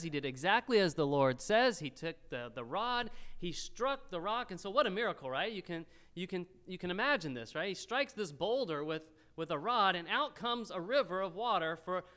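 A male pastor delivering a sermon in a clear, resonant voice that sits a bit higher than most men's. His pitch swings widely, and he turns loud and animated whenever he acts out the people in the story. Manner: animated, rises loud when quoting the crowd.

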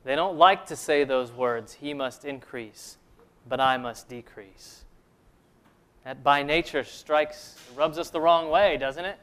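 Earnest male pastor delivering a sermon, slightly high smooth voice, slows down for emphasis. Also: fairly bright tone. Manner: earnest preaching, rhetorical questions, slows for emphasis.

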